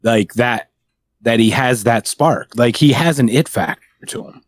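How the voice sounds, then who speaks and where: A man's voice: medium pitch, measured pace. A man co-hosting a podcast, talking in a rambling way with lots of filler words. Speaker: podcast co-host. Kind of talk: casual chat.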